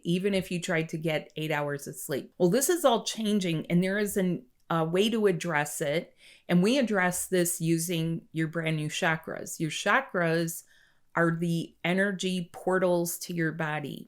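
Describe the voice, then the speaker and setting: Calm woman healer, low voice. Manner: asks the listener a string of questions. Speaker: energy healer. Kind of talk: direct-to-camera wellness talk.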